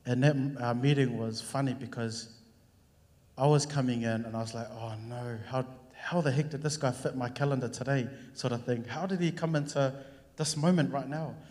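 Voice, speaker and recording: A man's voice: mid-range voice, normal speed. A young man casually sharing a testimony from the front of a church, acting out conversations as he tells them. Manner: storytelling, acting out conversations with lively voices. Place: church hall. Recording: long hall reverb.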